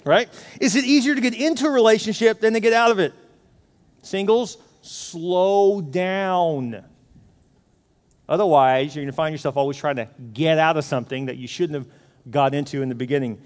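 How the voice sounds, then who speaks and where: A middle-aged man preaching a sermon in a lively, animated way, acting out his own inner voice. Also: fairly high pitch, fast. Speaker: pastor. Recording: long hall reverb.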